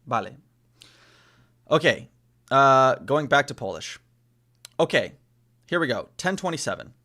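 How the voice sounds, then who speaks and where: On a live stream, this man, whose first language is Spanish, talks casually and practices foreign phrases by repeating them slowly. His mid-range voice swings widely in pitch and has a sharp edge.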